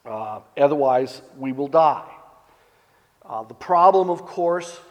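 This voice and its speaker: A man giving a sermon, retelling a scripture story in a relaxed, conversational way. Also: on the high side, slow, in a large hall. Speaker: preacher.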